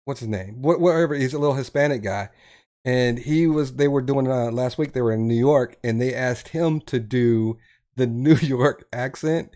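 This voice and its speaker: A man's voice: medium pitch, moderate pace, darkish tone. A man from the US South with a Southern accent, hosting a casual chat and rambling as he searches for words. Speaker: podcast host.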